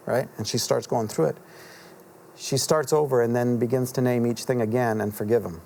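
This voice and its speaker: Earnest gravelly middle-aged man. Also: on the low side, steady tone, a little mellow, a little hiss or hum. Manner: earnest, halting, with many fillers and restarts. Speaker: author guest. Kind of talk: reflective storytelling in a TV interview. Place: TV studio.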